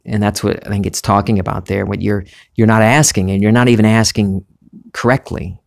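A man with a mild Southern US accent, talking through a reflective spiritual monologue in a musing, unhurried way, restarting phrases and laughing easily. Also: lowish voice, steady tone, vocal fry. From Southern United States. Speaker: spiritual vlogger, former reporter.

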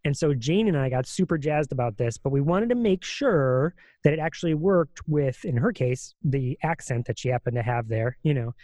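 A man's voice: medium pitch, lively intonation, normal speed, hardly any pauses, a little mellow, no echo. A man co-hosting a podcast, explaining at length in a casual, rambling way with many fillers and restarts. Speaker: podcast co-host.

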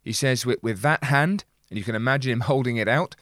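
A man commenting on an old sermon, explaining its meaning and reading passages from it aloud in an earnest, measured way. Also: mid-range voice, fairly bright tone, no room sound, studio quality.

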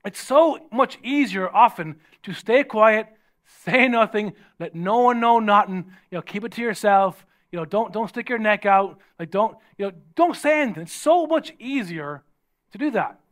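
A man's voice: sits high, lively intonation, normal speed, a bit bright. An Irish man, a pastor, preaching a sermon in a humorous, conversational storytelling way. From Ireland.

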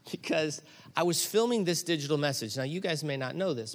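A middle-aged man pastor preaching a sermon, telling a story that builds to loud, animated peaks. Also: mid-range voice.

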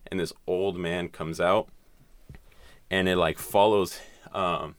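A man's voice: deep voice, fairly even intonation, slow pace, smooth, no room sound. A man in casual chat, recapping a film's plot in a rambling way with lots of swearing and filler words. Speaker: podcast host recapping a film.

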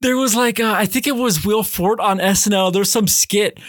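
A man's voice: high-pitched, normal speed, a bit bright, no echo, studio quality. A man co-hosting a podcast, rambling through crude, joking banter in casual chat. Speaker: podcast co-host.

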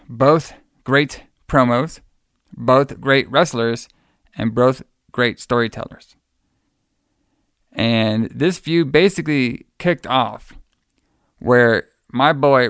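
A man's voice: medium pitch, slow pace, a bit bright, smooth, no echo, studio quality. A man hosting a podcast, chatting casually and telling a story in a rambling, enthusiastic way. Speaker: podcast host. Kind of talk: casual chat.

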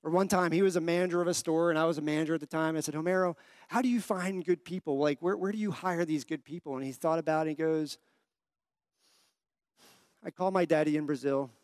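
Conversational male pastor, bright and dry. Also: on the high side, quick pace, no room sound. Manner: conversational storytelling, asks the congregation questions. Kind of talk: sermon.

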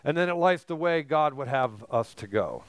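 A man preaching a sermon as pastor, emphatic, building to forceful peaks on key phrases. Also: mid-range voice, lively intonation, normal speed, dry recording.

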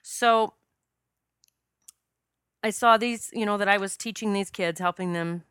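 A woman's voice: mid-range voice, unhurried, a bit bright, clean tone, no echo. A woman who works as a past life regression specialist, telling a personal story in an earnest, emotional way with many fillers and restarts, choking up at times. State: choked up at times.

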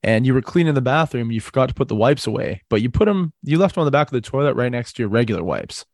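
A man's voice: mid-range voice, lively intonation, fast, no room sound, clean studio sound. A man hosting a podcast, teasing his guest and laying out crude hypothetical questions with frequent laughter. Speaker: podcast host. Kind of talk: casual podcast chat.

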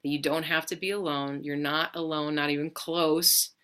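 A woman speaking gently and reassuringly, slow and deliberate, in a reflective spiritual talk. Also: low-pitched, level tone, clean tone.

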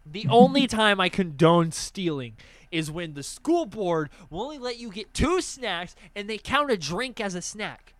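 A young man in casual chat, telling animated stories with lots of swearing and acted-out voices. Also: sits high, a little slow, no room sound.

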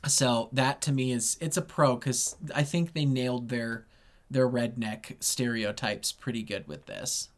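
A man's voice: medium pitch, steady tone, measured pace. Blunt joking podcast man. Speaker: podcast co-host. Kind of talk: casual chat.

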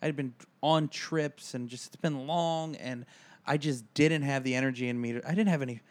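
A man's voice: mid-range voice, fairly even intonation, moderate pace. A man co-hosting a casual comedy podcast, telling a rambling, self-deprecating story. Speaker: podcast co-host.

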